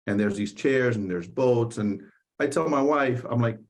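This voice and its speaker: A man's voice: mid-range voice, normal speed. A man from the Dominican Republic, a podcast guest telling a story in an emphatic, conversational way and repeating phrases for stress.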